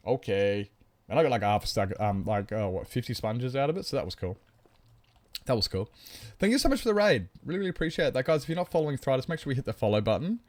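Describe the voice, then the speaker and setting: A man's voice: medium pitch, very animated, fast talker. A man chatting on a live game stream, rambling, greeting viewers and joking about himself.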